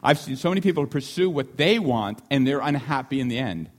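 A man preaching a sermon in an animated way, often repeating key lines for emphasis and acting out voices in the story. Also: mid-range voice, a little fast. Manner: animated, acts out the disciples' shouting.

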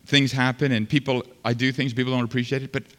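A man preaching a sermon as pastor, swinging between loud fervent passages and quiet, earnest stretches. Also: medium pitch, flat delivery, fast. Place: large church sanctuary. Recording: long hall reverb.

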